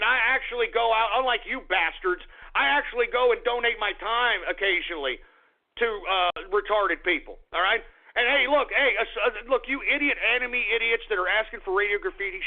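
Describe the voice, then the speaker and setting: Ranting radio host man, tinny sound. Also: high voice. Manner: combative, repetitive, talks fast and heated. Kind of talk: call-in radio rant. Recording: tinny phone-like radio audio.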